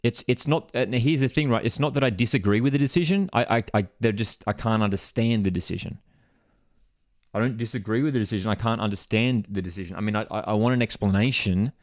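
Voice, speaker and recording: A man hosts a live football watchalong and reacts to the match as it happens. He talks in an excitable, disbelieving way, and his voice climbs sharply when he is outraged or celebrating. Between reactions he reads out comments from viewers. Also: fairly low pitch, quick pace, no echo, studio quality.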